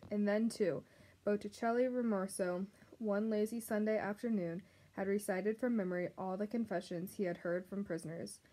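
A woman narrating a children's novel aloud, gently addressing the reader. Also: mid-range voice, steady tone, normal speed. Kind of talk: storybook read-aloud narration.

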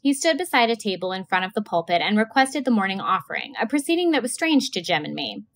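A woman teacher reading a novel aloud to a class with a steady, clear delivery. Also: medium pitch, quick pace.

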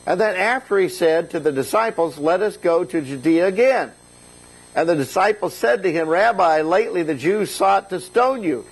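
A middle-aged man preaches with a gravelly, husky voice that sits a little high for a man. He retells scripture in a relaxed, folksy sermon style, lifting his voice whenever he quotes a line. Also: normal speed, rough recording. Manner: casual, folksy paraphrase of scripture, voices rise for quoted lines. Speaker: bishop preaching.

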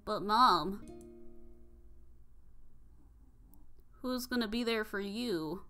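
A woman's voice: mid-range voice, unhurried, pushed and bright. A woman voicing a young boy in a hospital bed, loopy from medication, with a slurred, drunk-sounding drawl. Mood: sad. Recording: music playing underneath.

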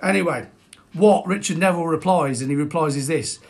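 Jokey male host, casual live-streamed history lesson, raised pitch. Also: a little fast. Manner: jokey, chatty, greets viewers by name.

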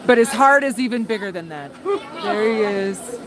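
A woman hosting a live walkthrough outdoors on a suburban street, excitedly exclaiming and talking to her viewers as she walks. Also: mid-range voice, moderate pace. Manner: excited, exclaiming, talks to viewers as "guys" and "dudes". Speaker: livestream host. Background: faint crowd of trick-or-treaters.

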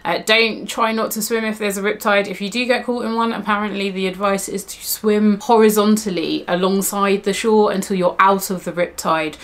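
A woman's voice: on the low side, a bit bright. A young woman gives travel tips in a casual vlog. She talks in a chatty, candid way, full of asides and "like". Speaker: travel blogger.

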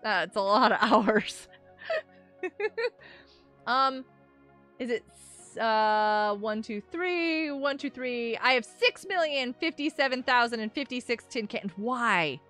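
A woman's voice: a little high, animated, takes it slowly, a bit bright, soft background music. A woman hosting a casual gaming livestream, chatting with viewers, giggling often and reading out chat messages. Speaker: livestream host.

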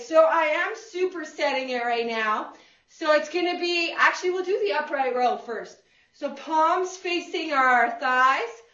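A woman's voice: high voice, a bit bright. A woman fitness instructor leading a workout class, counting reps, giving cues and whooping to encourage. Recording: roomy, distant and dull.

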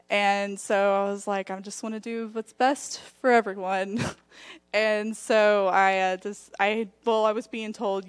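A woman's voice: mid-range voice, smooth. A young woman giving a chatty church testimony, laughing often as she talks. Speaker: respiratory therapy student giving testimony. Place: church sanctuary.

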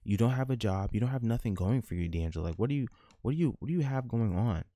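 A man's voice: fairly low pitch, lively intonation, fast talker, warm tone, dry recording, natural voice. A man voicing a young adult woman, a fed-up single mother who lectures her partner in a game. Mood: scolding. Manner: exasperated, lecturing.

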